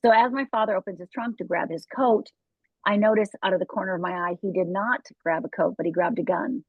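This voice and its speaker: A woman's voice: mid-range voice, brisk, no echo. A woman from Upper Michigan, a life coach and author, telling her own story in an interview, candid and direct with asides to the listener. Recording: tinny phone-like dry sound.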